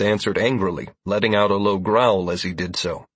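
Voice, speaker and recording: A man reads a first-person fantasy novel aloud in a measured, even way. His voice sits low and husky. The sound is dry and close. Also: no room sound. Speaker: audiobook narrator.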